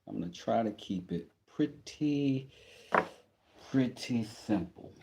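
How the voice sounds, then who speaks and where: A man's voice: medium pitch, lively intonation, takes it slowly, gravelly, very noisy. A man chatting casually on a livestream as he does woodworking, joking and greeting viewers. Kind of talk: casual livestream chat while working. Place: workshop.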